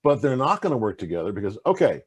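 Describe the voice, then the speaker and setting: A man with a husky, slightly rough voice talks in a casual interview, his pitch swinging widely as he gets into his stories. He rambles, stacks fillers and restarts, and keeps circling back to his point. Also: quick pace. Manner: animated, rambling storyteller with many fillers and restarts. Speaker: interview guest, game designer.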